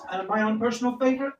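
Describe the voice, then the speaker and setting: A man doing a stand-up comedy set, telling punchy jokes and quizzing the audience. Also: extremely high pitch. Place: live comedy venue. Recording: echoey, distant, noisy room recording.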